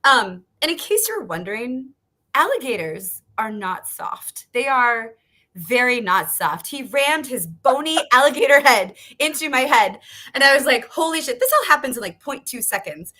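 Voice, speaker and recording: Bright woman in her 30s, super animated, laughing and cussing thru a story on a video call. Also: sits high, moderate pace. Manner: laughs often, swears, acts out quotes. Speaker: author guest.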